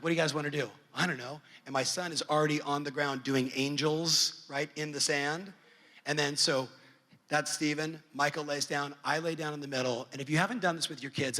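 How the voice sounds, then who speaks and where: A middle-aged man speaking on a conference stage, telling a family story with lively acted-out dialogue. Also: a little high. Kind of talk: storytelling keynote. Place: large conference hall. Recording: long hall reverb.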